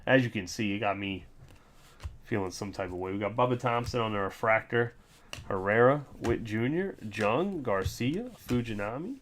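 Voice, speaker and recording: A man hosting a trading card break, chatting casually, reading off names in quick lists with sarcastic ranting asides. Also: fairly low pitch, lively intonation, fairly bright tone, slight background noise. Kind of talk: casual livestream chat.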